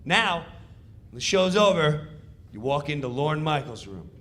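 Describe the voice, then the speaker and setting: Casting: middle-aged comedian, bright, lively storytelling voice, loud and animated. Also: male voice, a little high, unhurried. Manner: animated, loud, acting out scenes. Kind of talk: stand-up storytelling.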